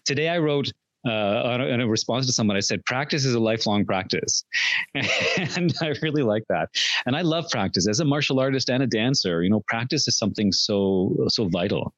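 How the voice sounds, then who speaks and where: Man, middle-aged, reflective podcast guest, earnest, mid-pitched voice, dry dull recording. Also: animated, brisk, no room sound. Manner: earnest, warm self-talk with frequent restarts and laughs. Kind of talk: reflective conversational chat.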